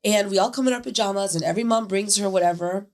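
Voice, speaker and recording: A woman's voice: medium pitch, fast, a little mellow. Woman in her thirties, podcast host, earnest, emphatic, reflective, casual interview.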